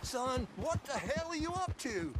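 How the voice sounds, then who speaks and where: A man's voice: very high-pitched, sing-song, unhurried, noisy background, full character voice. An actor playing a proud, prickly old male state marshal in a video game, indignant and insistent on his title. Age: older.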